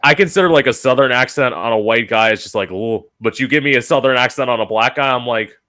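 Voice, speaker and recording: Talking fast in a mid-range voice, this man from the United States hosts a casual podcast. He shares candid stories with animation, performing the quoted lines as he goes.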